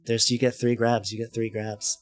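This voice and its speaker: A man's voice: medium pitch, flat delivery, moderate pace. A man narrating a tabletop game as game master, stammering and repeating words.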